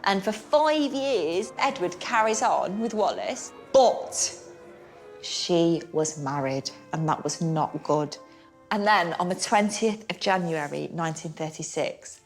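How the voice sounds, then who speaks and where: Woman, tipsy, rambling, sweary, lowish voice, faint music. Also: animated, unhurried. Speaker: drunk storyteller. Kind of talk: tipsy comic history retelling.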